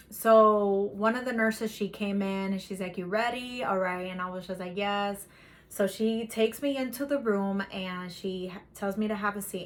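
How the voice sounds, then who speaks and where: Chatty woman vlogger, faint music behind. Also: mid-range voice. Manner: chatty, animated retelling with quoted dialogue. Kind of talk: casual storytelling vlog.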